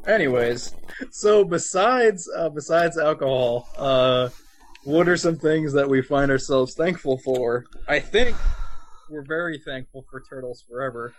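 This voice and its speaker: Young man, New Jersey accent, podcast co-host, halting, sweary, slight speech impediment, groggy from cold medicine. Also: mid-range voice, a little hiss or hum. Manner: rambling, halting, many fillers and swearing. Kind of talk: casual chat.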